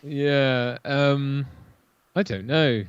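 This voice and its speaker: A man's voice: medium pitch, steady tone, very slow, smooth, dry recording. A man co-hosting a watch-party stream in casual, rambling chat, often restarting his sentences. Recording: dull lo-fi stream audio.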